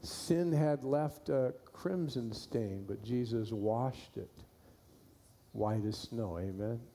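A man's voice: medium pitch, takes it slowly, mellow. A man preaching a sermon to his church, folksy and repeating key phrases for emphasis. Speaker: pastor.

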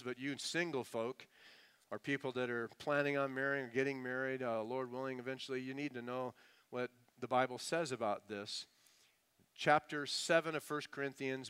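A middle-aged man preaching to his congregation in a smooth, resonant voice of ordinary pitch. He swings from loud, emphatic lines to quiet, dropped asides. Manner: animated preaching with sudden swings from loud to hushed. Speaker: pastor. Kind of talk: sermon.

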